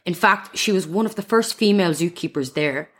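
A woman's voice: fairly low pitch, brisk, slightly rough. Giggly woman telling a history story. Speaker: podcast co-host. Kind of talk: casual history podcast chat.

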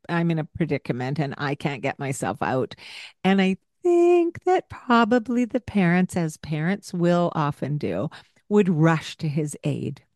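A woman who hosts a parenting podcast and works as a childcare provider tells a story from when she looked after a young child, animatedly acting out both her own lines and the child's. Her casual storytelling mixes in parenting advice. Her voice is lowish, and the studio-quality recording has no echo.

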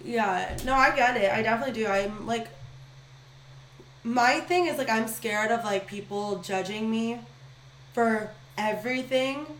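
A woman's voice: fairly high pitch, a little slow, a bit bright. Chatty young woman, echoey room. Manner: chatty, frequent "like" fillers, blunt. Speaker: podcast guest. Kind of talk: casual chat. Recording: echoey room with faint noise.

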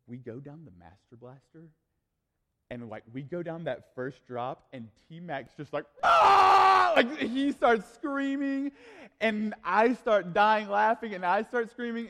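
A youth pastor preaching to a crowd, a man with a slightly higher voice who tells his stories in a loose, animated way full of fillers. His voice rings out with the long reverb of a big hall. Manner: animated, casual storytelling with frequent fillers. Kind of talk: storytelling sermon.

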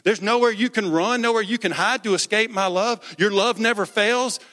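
A preacher doing a gentle, earnest Jesus who speaks to a worried believer in a pleading, reassuring way. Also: male voice, sits high, moderate pace, big-room sound. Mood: tender reassurance.

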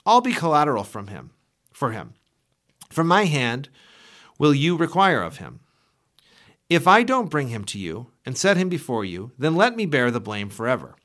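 A man's voice: mid-range voice, very animated, normal speed, fairly bright tone. A man reading the earnest, persuasive words of a grown son reasoning with his father.

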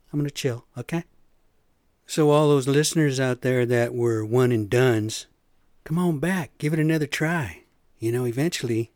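A man rambles through a solo podcast rant, opinionated and loose with folksy slang. His voice sits at an ordinary middle pitch. The recording is dry and close, with no room sound. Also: darkish tone, no echo. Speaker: podcast host.

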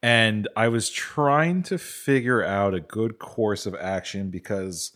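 A man's voice: fairly low pitch, slow pace, fairly bright tone. A man co-hosting a podcast, telling a rambling story with plenty of "you know". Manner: chatty, rambling, many "you know" fillers. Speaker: podcast co-host. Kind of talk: casual chat.

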